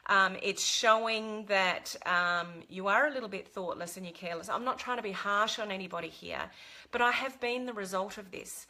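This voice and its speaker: Talking straight to the camera, a middle-aged woman vlogger offers earnest life advice in a casual way, with fillers and restarts. Her voice is bright, forward and mid-range, at a normal speed.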